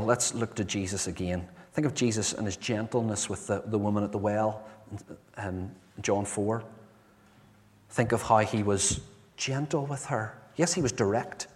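A man preaching a sermon in a conversational, earnest way in a church. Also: medium pitch. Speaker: pastor. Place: church sanctuary. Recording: long reverb from a church hall.

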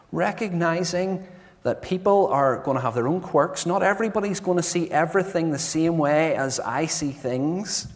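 A man preaching a sermon in a conversational, earnest way in a church. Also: fairly high pitch. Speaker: pastor. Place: church sanctuary. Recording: long reverb from a church hall.

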